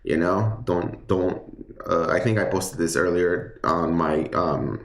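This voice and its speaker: Man, low voice, tarot reader, chatty livestream, lots of ums, roomy echo. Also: slow. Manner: chatty, rambling, many fillers and restarts. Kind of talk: casual livestream tarot reading.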